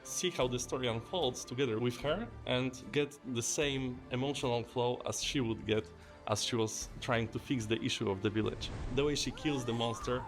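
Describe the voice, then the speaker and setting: A man in a behind-the-scenes interview, earnestly explaining the creative thinking behind a trailer. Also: medium pitch.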